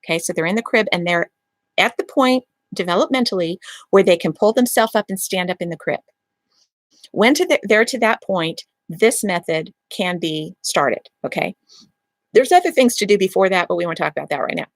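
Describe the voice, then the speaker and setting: A woman's voice: fairly low pitch, moderate pace, no room sound. A woman hosting a parenting advice channel, explaining a method step by step and often checking in with "okay?". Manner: acts out calm lines to a child in a gentle voice. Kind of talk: instructional talk to camera.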